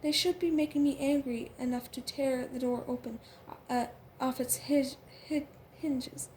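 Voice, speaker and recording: A woman narrates a novel in the first person, stumbling often over fillers and restarts. Her voice sits high. A faint hiss runs beneath the reading. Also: fairly even intonation, a little mellow. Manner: halting, with frequent fillers and restarts. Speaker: audiobook reader.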